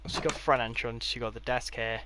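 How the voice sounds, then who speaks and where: A man's voice: mid-range voice, level tone, fairly quick, bright, forceful tone. A man giving a casual, rambling tour of his game builds, with offhand delivery and dry sarcastic asides. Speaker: gaming creator.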